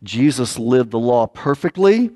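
A man's voice: medium pitch, big pitch swings, measured pace. Emphatic preaching man. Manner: emphatic, repetitive preaching that rises loud then drops to a hushed plea. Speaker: pastor. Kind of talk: sermon.

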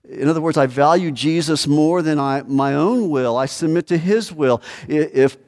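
A man's voice: fairly high pitch, normal speed, a little mellow. A man preaching a sermon as a pastor, earnest and repetitive, rising to sudden emphatic peaks. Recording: long hall reverb.

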